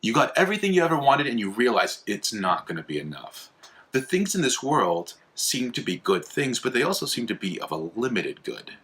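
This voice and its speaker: Bright-voiced man rambling through a casual talk. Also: mid-range voice, brisk. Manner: rambling, many fillers and restarts, animated retelling. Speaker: host of an apologetics video channel. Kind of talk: casual explainer monologue.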